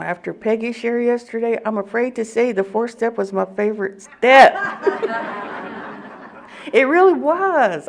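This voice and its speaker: Woman from oklahoma sharing her story at a meeting, gravelly, lively, laughs a lot. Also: on the high side. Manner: animated storytelling, laughs often. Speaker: speaker at a recovery meeting. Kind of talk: personal testimony to a group.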